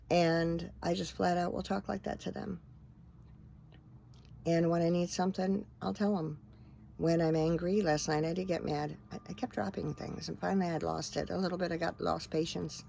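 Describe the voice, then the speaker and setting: A woman's voice: lowish voice, steady tone, moderate pace, creaky, mellow, slight background noise. A middle-aged woman minister chatting earnestly into her phone camera for her vlog, rambling with fillers. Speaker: vlogger and minister. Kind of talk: casual faith-talk vlog.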